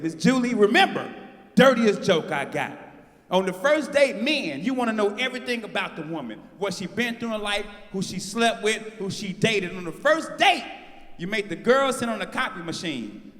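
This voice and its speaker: A man in his forties doing brash live stand-up with crowd work, shouting out his punchlines. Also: high-pitched, sing-song, normal speed. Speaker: stand-up comedian. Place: large live venue on stage. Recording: live house mix with long hall reverb.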